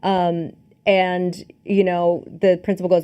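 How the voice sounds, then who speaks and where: A woman's voice: fairly low pitch, moderate pace, darkish tone. A woman co-hosting a podcast, recapping a film in casual chat and acting out its scenes. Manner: chatty, acts out scenes and quotes, many fillers and restarts. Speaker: podcast co-host. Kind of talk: casual movie review chat.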